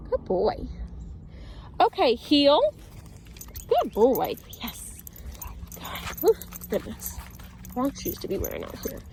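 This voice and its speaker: A woman dog trainer outdoors, explaining her method while walking a dog and calling out sharp commands. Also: sits high, wildly swooping pitch, slow, gravelly, long pauses, a little hiss or hum. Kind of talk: instructional talk during dog training.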